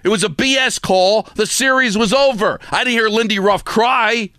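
A man's voice: high-pitched, moderate pace, bright, forceful tone, no room sound, clean studio sound. A man hosting sports talk, delivering an emphatic, scolding rant full of repetition. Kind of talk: opinionated sports radio rant.

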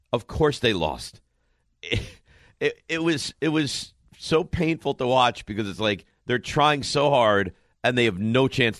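A man hosting a sports radio show, chatting and teasing his co-hosts in animated, storytelling banter. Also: fairly low pitch, no room sound, clean studio sound.

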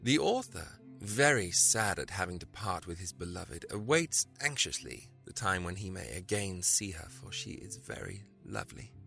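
A man voicing a playful, witty young wife who teases her husband in a soft, wry voice. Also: deep voice, expressive, normal speed, vocal fry, hardly any pauses, faint music behind, heavily acted. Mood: teasing. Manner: teasing, wry, softly spoken.

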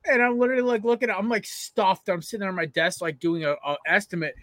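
A man co-hosting a sports podcast, telling rambling, excitable stories. His voice is a touch high and very bright. The sound is dry, with no room around it. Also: fast, hardly any pauses, no echo. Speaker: podcast co-host. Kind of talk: casual sports chat.

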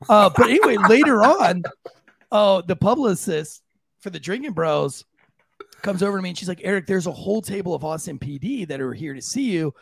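A man co-hosting a podcast, telling a story in a casual, animated way and jumping into high voices for the people he quotes. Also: fast talker, vocal fry, husky, no echo. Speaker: podcast co-host.

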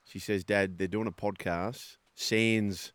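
A middle-aged man with an Australian accent, a father co-hosting a sports podcast, chatty and gently ribbing. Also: lowish voice, steady tone, takes it slowly, clean tone, dry recording. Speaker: podcast co-host. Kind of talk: casual sports chat.

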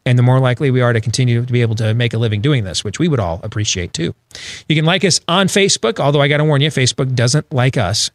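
A man's voice: medium pitch, fast, no room sound. A man hosting a talk radio show, from Iowa, delivering wry, sarcastic asides between segments. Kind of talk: talk radio banter and monologue.

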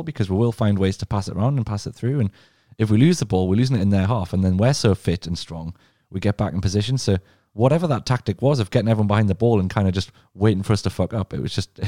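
A man's voice: lowish voice, warm tone, no room sound, clean studio sound. A man co-hosting a football podcast, talking emphatically and opinionated, swearing casually. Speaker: podcast co-host.

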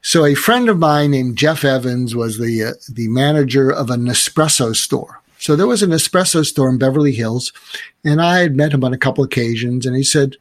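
A man's voice: mid-range voice, normal speed, no room sound. A man, a podcast guest, telling stories and giving advice in an earnest, reflective way. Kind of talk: conversational storytelling.

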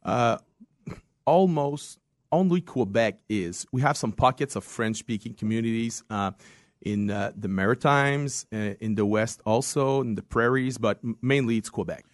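A man's voice: mid-range voice, a little slow, no room sound, clean studio sound. Patient man explaining as a pastor. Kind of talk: guest interview.

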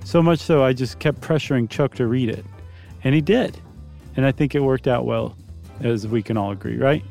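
Male podcast co-host, dark mellow tone, wry casual banter, faint music behind. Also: medium pitch, moderate pace, creaky. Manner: wry, joking. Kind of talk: casual chat.

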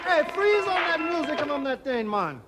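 An actor playing a gruff male street jazz musician with a put-on mock Jamaican accent, in a noisy old TV clip. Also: extremely high pitch, sing-song, moderate pace, over loud music. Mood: annoyed.

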